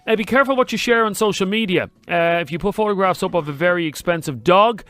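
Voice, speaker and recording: A man's voice: sits high, fast, a bit bright, clear, resonant tone, no room sound, soft background music. A man co-hosting a radio talk show, teasing and opinionated. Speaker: radio co-host. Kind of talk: casual chat.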